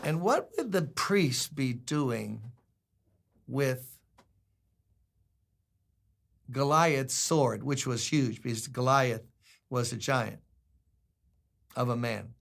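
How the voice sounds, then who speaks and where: A man's voice: mid-range voice, slow, vocal fry, long pauses, fairly bright tone. An older man preaching a sermon as a pastor, conversational and humorous, acting out quotes.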